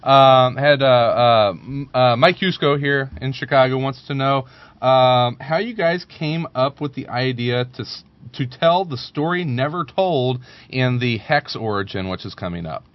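Halting male co-host in a comic shop. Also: mid-range voice, dry recording, dull audio. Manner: halting, many fillers. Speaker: podcast co-host. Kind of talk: casual podcast chat.

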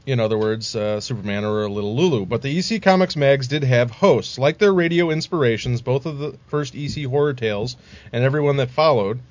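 A man's voice: medium pitch, a little fast, lo-fi sound. A man co-hosting a podcast, reading a scripted history aloud in a casual way and laughing at his own slips.

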